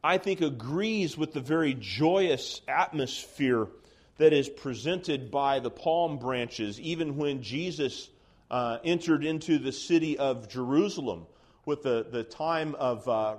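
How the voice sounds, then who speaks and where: A man teaching a Bible study class, explaining calmly and reading scripture passages aloud, with some restarts. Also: medium pitch, slow pace.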